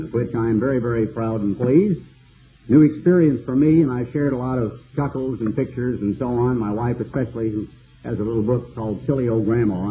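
An older man preaching a sermon, slow and cadenced, building long repeated lists. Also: mid-range voice, narrow, tinny audio, slight background noise.

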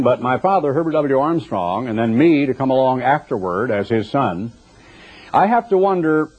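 An older male preacher delivering a radio sermon, conversational and given to asides. His voice is mid-pitched and emphatic, and the recording is muffled and lo-fi. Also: breathy edge. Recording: dull lo-fi recording.

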